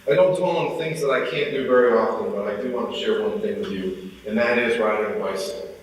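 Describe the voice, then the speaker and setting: Keynote storyteller, man, forties; lively delivery acting out dialogue, distant and echoey. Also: lowish voice, fast, slight background noise. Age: 40s. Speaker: motivational speaker. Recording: echoey hall from far off.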